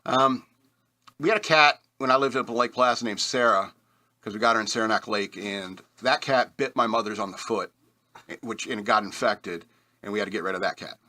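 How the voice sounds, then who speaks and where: Casual and self-deprecating, this radio host wanders through personal anecdotes with the occasional chuckle. He speaks briskly, his voice on the low side but bright and forceful.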